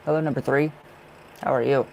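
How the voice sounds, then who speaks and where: A man reading tarot on a live stream, chatting in a relaxed, effusive way and greeting viewers as they arrive. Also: medium pitch, fairly quick, creaky, slight background noise, rough recording. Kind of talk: casual live-stream chat.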